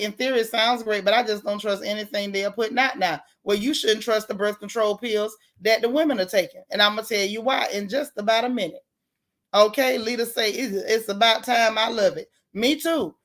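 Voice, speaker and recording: A woman hosting a casual livestream, chatting with viewers by name and joking about the news in slang. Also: a little high. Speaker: livestream host.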